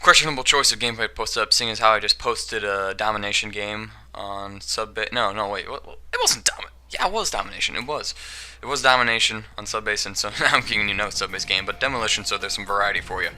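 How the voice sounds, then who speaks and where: A man's voice: fairly low pitch, quick pace, hardly any pauses, sharp tone. A young man giving casual, rambling gameplay commentary, joking and giggling as he goes. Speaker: gaming commentator.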